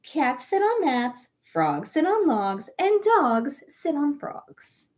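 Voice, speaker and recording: A woman plays a prim storybook cat laying down the rules. It speaks slowly and measuredly with a lively pitch. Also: full character voice.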